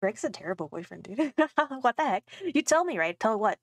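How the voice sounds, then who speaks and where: A young woman with a fairly high voice, streaming a game and reading its lines aloud. She laughs and swears freely as she plays. The sound is dry and close, with no room around it. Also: very animated, normal speed, dry recording. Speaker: gaming streamer. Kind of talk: casual let's play commentary.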